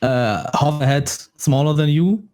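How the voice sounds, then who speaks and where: A man narrating a tabletop game as dungeon master, lively and often laughing. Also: a little high, a little slow.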